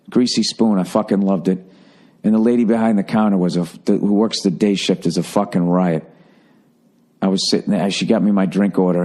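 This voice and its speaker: A man, hosting a podcast and telling a rambling, profane story in a casual monologue. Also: on the low side. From Boston area. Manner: profane, rambling, animated when quoting people. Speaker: podcast host.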